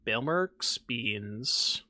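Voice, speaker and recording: Young male streamer, animated, bright voice, dry close mic, self-mocking banter. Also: mid-range voice, extremely slow, no echo. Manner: chatty, self-mocking, talks to chat. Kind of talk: casual gameplay commentary.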